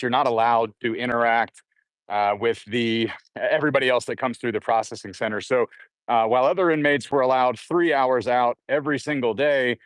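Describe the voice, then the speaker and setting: Casting: man, mid-pitched, rambling storyteller with lots of "um" and "you know", dry close recording. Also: clear, resonant tone, dry recording. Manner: rambling with frequent fillers and restarts; acts out quoted voices in a raised pitch. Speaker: guest recounting jail time. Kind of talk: casual storytelling.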